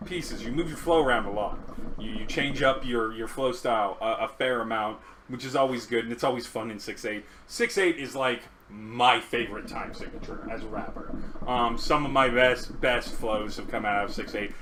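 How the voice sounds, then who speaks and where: A man's voice: mid-range voice, moderate pace, noisy background. A man who raps, co-hosting a casual song review, joking, laughing and swearing as he talks. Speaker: co-host reviewing songs; rapper. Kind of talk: casual chat.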